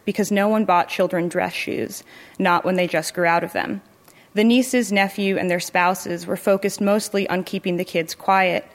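A woman narrating a literary short story in a measured, even storytelling manner. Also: on the low side. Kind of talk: literary fiction reading.

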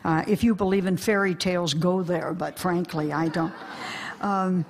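A woman's voice: fairly low pitch, fairly even intonation, moderate pace. A woman, a religious sister, answering audience questions at a talk in a forthright, emphatic way.

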